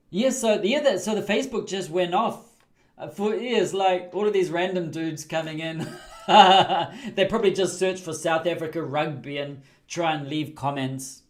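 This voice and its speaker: A man casually commenting on a rugby manager game livestream, chatty and laughing often. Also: on the high side. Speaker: livestream host.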